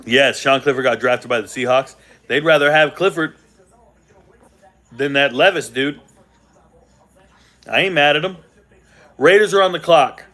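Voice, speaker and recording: A man hosting a casual live-stream reaction to the football draft from a hotel room without his usual setup, animated and repeating himself for emphasis. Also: on the high side, measured pace, long pauses. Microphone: not his usual setup.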